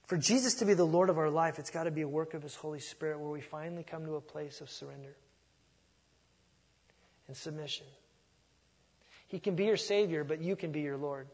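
Middle-aged male pastor, slightly high husky voice, chatty sermon with loud punches, long hall reverb. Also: fairly quick, long pauses. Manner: conversational preaching, swings from soft asides to loud emphasis.

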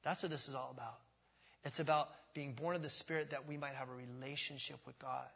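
A male pastor preaching a sermon in a church, emphatic and repetitive, swinging from quiet to loud. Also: medium pitch, fairly even intonation, a little fast, creaky, breathy edge. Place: church sanctuary. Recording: long church reverb.

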